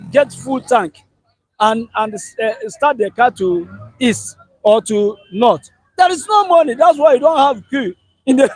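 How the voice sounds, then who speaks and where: A Nigerian man with a strikingly high voice vents in an animated, ranting way, breaking into laughter as he complains. The recording is dry and close, with no room sound. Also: dry recording, low-quality recording. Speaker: interviewee. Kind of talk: street interview.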